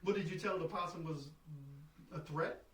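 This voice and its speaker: A man's voice: high-pitched, moderate pace, a crowd in the background. A man hosting a casual podcast chat, telling prison stories with many stammered restarts. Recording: roomy, from a distance.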